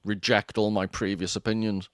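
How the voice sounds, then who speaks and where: A man's voice: lowish voice, flat delivery, normal speed, fairly bright tone, dry recording, clean studio sound. A man from northern England telling stories and giving opinions in a casual conversation. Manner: storytelling, opinionated. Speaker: guest.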